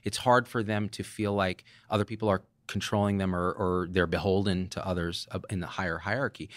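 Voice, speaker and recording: Rich: An excitable man in his forties who launches into profane rants. His pitch leaps up and down as he builds a point, and the voice sits close and dry with no room sound. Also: brisk, no room sound. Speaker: guest physician. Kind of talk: animated podcast conversation.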